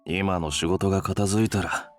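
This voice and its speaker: A man's voice: low voice, steady tone, quick pace, faint music behind, natural voice. An actor playing a brusque, teasing older male office director in a game. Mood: gruff, teasing. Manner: brusque, teasing, rough speech. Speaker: game character.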